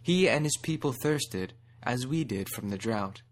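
A man's voice: mid-range voice, expressive, a little slow, a little hiss or hum, natural voice. A man voicing a small, clever male rabbit leader who speaks earnestly and formally. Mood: solemn.

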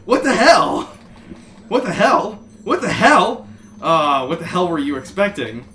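A man voicing a brash, pushy young man who barks orders loudly. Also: fairly high pitch, normal speed. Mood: bossy. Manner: loud and bossy. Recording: echoey room with loud background hum.

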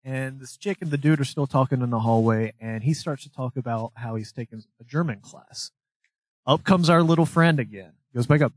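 A man's voice: medium pitch, brisk, no room sound. A young man co-hosting a podcast, telling a long story in casual chat, rambling, swearing and laughing as he goes. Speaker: podcast co-host.

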